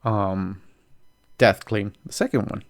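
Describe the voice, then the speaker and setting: A man hosting a casual podcast chat, telling stories in an animated way and swearing freely. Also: fairly low pitch, slow pace. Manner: profane, animated storyteller. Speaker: podcast host.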